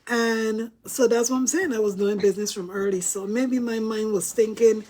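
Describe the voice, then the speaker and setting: Bajan woman vlogger with a fairly high voice, chatty storyteller who laughs a lot. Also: steady tone, moderate pace, hardly any pauses, dark tone. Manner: chatty, laughs often, addresses viewers as guys. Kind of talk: casual storytelling to camera.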